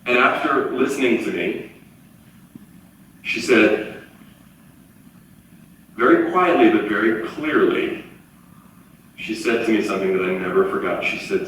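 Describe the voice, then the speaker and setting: A man in his forties giving a live motivational talk, telling stories in an animated way and acting out the voices of the people he quotes. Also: on the low side, unhurried, long pauses, a little hiss or hum. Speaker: motivational speaker. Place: large auditorium. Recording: echoey hall from far off, faint ambience.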